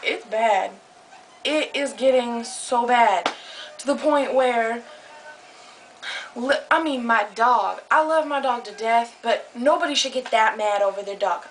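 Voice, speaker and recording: A woman's voice: fairly high pitch, unhurried, slight background noise, poor audio. A young woman telling a heated story into her camera, agitated and swearing a lot. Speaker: vlogger. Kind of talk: casual vlog storytelling. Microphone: camera close up.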